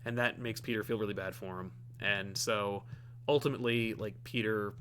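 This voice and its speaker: A man's voice: lowish voice, fairly even intonation, normal speed, a bit bright, a little hiss or hum. A man co-hosting a comic review podcast, talking casually in a rambling way with lots of fillers and restarts. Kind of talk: casual chat.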